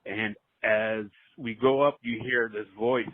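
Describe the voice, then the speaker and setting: A man's voice: lowish voice, steady tone, takes it slowly. A man in his forties leaving a voicemail, telling a ghost story earnestly, with many fillers and restarts. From Southern California. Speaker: voicemail caller. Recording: tinny phone line.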